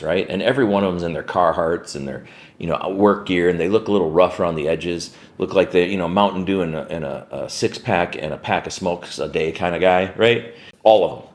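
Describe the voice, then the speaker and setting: Swearing freely and leaning heavily on "like" and "right?", a deep-voiced warehouse business owner tells a casual story to camera.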